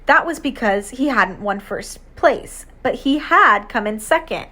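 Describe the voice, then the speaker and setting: A woman reading an audiobook aloud, measured storytelling narration in the first person. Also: fairly high pitch, animated, bright, forceful tone.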